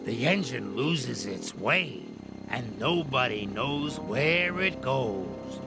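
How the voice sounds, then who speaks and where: A man growling as a sly gravelly diesel engine. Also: medium pitch, very animated, slow. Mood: ominous taunting. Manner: ominous, taunting. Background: music.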